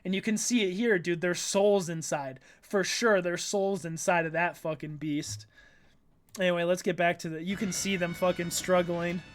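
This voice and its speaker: A man's voice: sits high, steady tone, normal speed. A man reading a comic aloud in a loose, casual way, breaking off to comment, swear and laugh. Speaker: manga read-along host.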